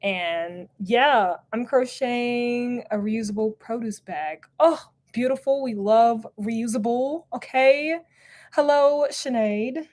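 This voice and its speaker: A young woman hosting a relaxed crochet livestream from home, greeting viewers by name and laughing often as she chats. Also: fairly high pitch, takes it slowly. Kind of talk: casual live-stream chat reading comments.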